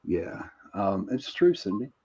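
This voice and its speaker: A man's voice: low-pitched, very animated, unhurried, darkish tone, husky, dull audio. A middle-aged man hosting a podcast, easygoing, reading out viewer comments and sharing family stories. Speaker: podcast host. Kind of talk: casual podcast chat.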